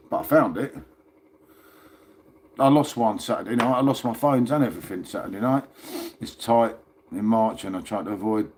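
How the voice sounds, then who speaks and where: A man's voice: medium pitch, darkish tone, slight background noise. A man hosting a casual livestream from his phone, chatting and rambling and calling his viewers "mate". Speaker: livestream host.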